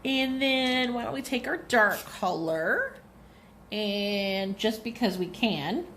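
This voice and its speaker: Librarian, woman, cheerful sing-song craft tutorial, very animated pitch, faint room ambience. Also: slow pace, slight background noise. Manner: cheerful, sing-song, talks to viewers like a kids' host. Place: home kitchen table.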